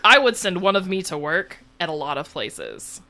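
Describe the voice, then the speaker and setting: A woman's voice: lowish voice, big pitch swings, moderate pace, bright, forceful tone. A woman co-hosting a podcast in playful, joking casual chat. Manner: playful, jokey, laughs often. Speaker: podcast co-host.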